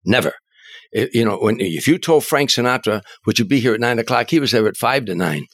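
An older man, a comedian and author, telling animated anecdotes as an interview guest, often restarting his words. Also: mid-range voice, a little fast, dry recording. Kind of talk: storytelling in an interview.

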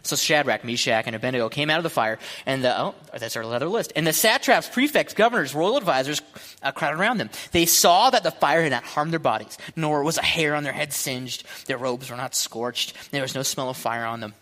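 A young man preaches to his church in a lively, joking way, with sudden shouts and laughs. His voice is bright and forceful, sitting a little high. It rings with the long reverb of a large hall. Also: fairly quick. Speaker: pastor. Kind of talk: sermon.

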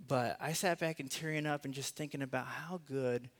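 Man preaching, hushed on key phrases. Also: medium pitch, normal speed. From Los Angeles. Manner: conversational and self-deprecating. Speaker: guest preacher. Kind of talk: sermon.

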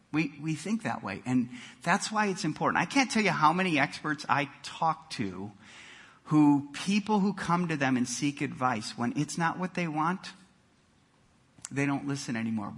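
A man preaching a sermon, telling jokes and stories with animated emphasis and frequent repeated words. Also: on the high side, slightly rough. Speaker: pastor.

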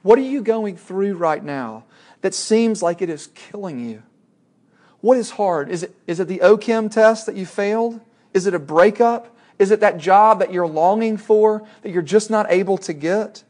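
A man's voice: high-pitched, animated, moderate pace, darkish tone. A man preaching a sermon in a conversational way, speaking directly to his listeners.

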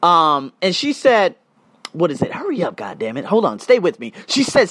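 Guy doing a motivational podcast rant, rambly, cusses a lot, super expressive pitch. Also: moderate pace. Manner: rambling, animated, swears freely, addresses listeners as guys. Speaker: podcast host. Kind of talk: motivational monologue, casual storytelling.

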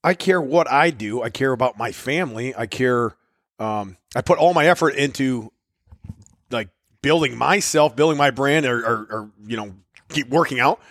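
A man's voice: medium pitch, normal speed, a bit bright, no echo. A middle-aged man co-hosting a podcast, talking bluntly and defiantly and swearing freely. His voice sits in an ordinary middle range, and the recording is dry and close. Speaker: podcast co-host. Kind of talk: casual chat.

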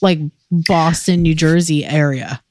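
Woman podcast host, low-ish voice, unhurried drawl, casual and profane. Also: a little mellow. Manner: slow, drawling, swears and laughs often. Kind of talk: casual chat.

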